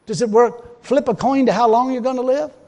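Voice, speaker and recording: High-voiced man preaching in a reverberant hall. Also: fairly quick. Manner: folksy, emphatic, swings between loud exhortation and quiet asides, laughs often. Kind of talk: sermon.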